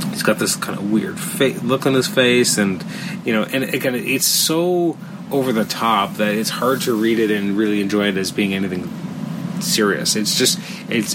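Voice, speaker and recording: A man's voice: lowish voice, fairly bright tone, low-quality recording. A man giving a casual, rambling comic book review, exasperated and full of fillers.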